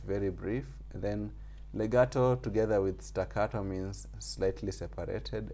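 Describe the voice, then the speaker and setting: A man's voice: low-pitched, dark tone, a little hiss or hum. A man teaching a music theory class over a video call, explaining patiently and repeating his points with small fillers. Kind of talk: online group class lesson.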